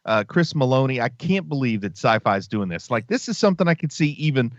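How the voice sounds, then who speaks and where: A man's voice: medium pitch, big pitch swings, fairly quick, no room sound, lo-fi sound. A man co-hosting a movie podcast, talking in a casual, jokey way and often tacking "man" onto his sentences. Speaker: podcast co-host. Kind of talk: casual chat.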